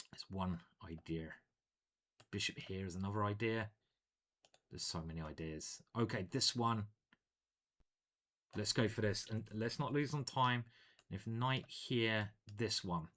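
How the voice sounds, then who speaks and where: A man with a lowish voice talks through his chess moves as he plays them. He thinks aloud in a lively, joking manner and keeps up a steady, cheeky patter. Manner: animated, playful, thinking aloud. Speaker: chess grandmaster commentating his own games. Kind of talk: live chess commentary while playing.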